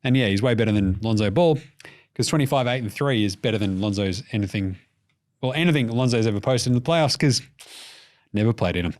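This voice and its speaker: A man with an Australian accent hosting a casual sports podcast, jokey and animated, swearing freely. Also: lowish voice, brisk. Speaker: podcast host.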